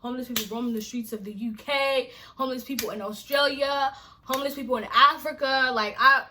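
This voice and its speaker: A woman's voice: sits high, steady tone, fairly quick, bright, forceful tone, slight background noise. A woman from Nigeria vlogging to camera, exasperated and emphatic, firing off repeated rhetorical questions. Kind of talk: casual to-camera rant.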